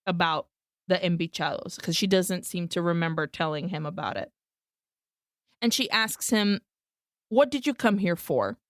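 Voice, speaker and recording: Podcast co-host, woman, smooth, dry close-mic sound, casual bilingual plot recap. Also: on the low side, no echo. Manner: recaps the plot, switching between English and Spanish, swears freely. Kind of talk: casual film-recap chat.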